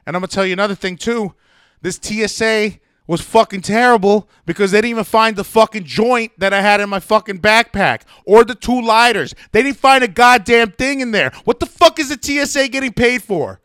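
Bright, crisp-voiced man ranting profanely. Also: high-pitched, brisk, dry recording, studio quality. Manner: profane, ranting, heated retelling. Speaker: storyteller. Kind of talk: casual storytelling.

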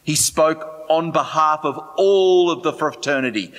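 A man's voice: a little high, unhurried, a bit bright, in a large hall. A man preaching a sermon in a conversational way, often asking the congregation questions. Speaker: pastor.

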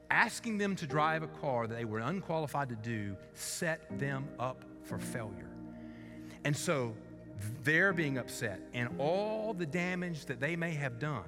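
In this sermon, a pastor with a medium-pitched male voice earnestly narrates a story, rising to loud, forceful climaxes and then settling into quiet endings. A long reverb tail trails his words.

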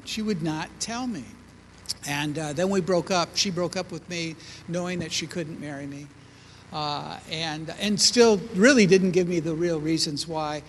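A man's voice: sits high, normal speed, fairly bright tone, big-room sound, slight background noise. An older man telling his testimony in a sermon, with humor, to a congregation. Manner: storytelling, self-deprecating humor. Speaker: preacher.

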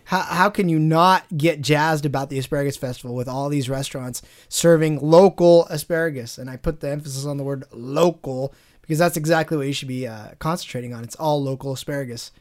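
A man's voice: medium pitch, quick pace. A man co-hosting a podcast, talking with folksy enthusiasm and lots of fillers. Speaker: podcast co-host. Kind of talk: casual chat.

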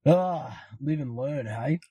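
A husky Australian man spins a loose, swearing-laden yarn for a podcast. His voice is slightly raspy and the recording is dry and close, with no room sound. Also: mid-range voice, takes it slowly, mellow, no room sound. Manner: profane, rambling, laid-back. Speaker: podcast guest. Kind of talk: casual storytelling.

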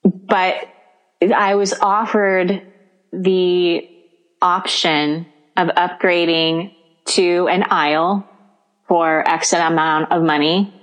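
Speaking very slowly in a lowish voice with lo-fi sound, this podcast co-host is an animated storyteller. Chatting casually, she voices the people in her story, acts out what they said, and laughs frequently.

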